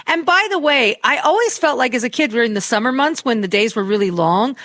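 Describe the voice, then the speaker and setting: A woman co-hosting a talk show, chatting casually in a brash, animated way and swearing freely. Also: fairly high pitch, fairly quick, no echo. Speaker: radio show co-host.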